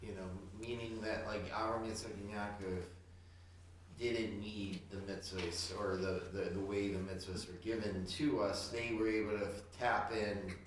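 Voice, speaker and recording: Male student, mid-pitched, halting, distant in an echoing room, faint noise. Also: flat delivery. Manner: halting, searching for words. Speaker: student in the class. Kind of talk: asking questions in a class.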